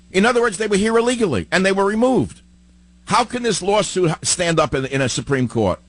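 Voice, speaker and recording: A man hosting a political talk radio show, delivering a combative monologue full of rhetorical questions and emphatic repetition, swinging between loud outbursts and low muttering. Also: no room sound.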